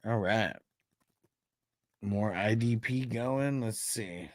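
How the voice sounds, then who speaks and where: A man's voice: fairly low pitch, slow pace, dry recording, clean studio sound. A man hosting a fantasy football live stream in loose, casual chat, laughing often and swearing freely as he talks.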